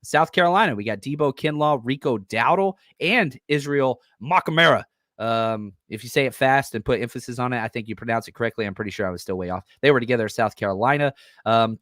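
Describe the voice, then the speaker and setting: A man with a middle-pitched voice hosts a casual sports podcast, excitable and loose, full of ums and uhs. He is recorded close and dry, with no room sound. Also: brisk, dry recording. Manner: enthusiastic, excitable, loose with fillers. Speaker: podcast host.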